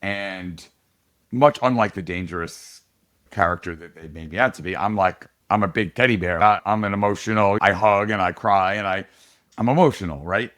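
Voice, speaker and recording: A middle-aged man running for office tells a story during a casual podcast interview, animated and laughing often. His voice is deep and his pace is moderate.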